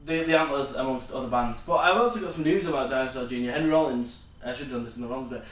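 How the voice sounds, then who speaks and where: A man's voice: mid-range voice, very fast, a bit bright. A man hosting a podcast, telling stories in a rambling, sweary casual chat. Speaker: podcast host. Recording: roomy room, distant mic, faint noise.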